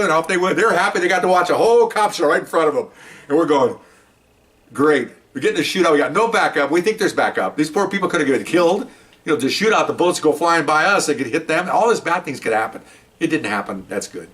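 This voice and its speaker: A man, a retired police officer, telling a story from his years on the job in a casual, animated way, playing the voices of the people in it. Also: on the high side, quick pace, far from the mic. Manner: animated, acts out voices in the story, chuckles often.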